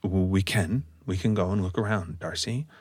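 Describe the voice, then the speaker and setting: A man voicing a huge male minotaur hunter who is awkward with people, speaking in a halting, earnest way. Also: deep voice, darkish tone, slightly rough, no echo, clean studio sound.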